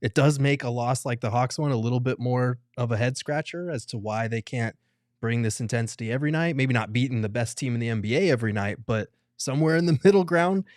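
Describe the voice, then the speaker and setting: Male podcast analyst, measured and thoughtful, middle pitch, dry studio-close mic. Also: darkish tone, dry recording. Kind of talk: sports podcast chat.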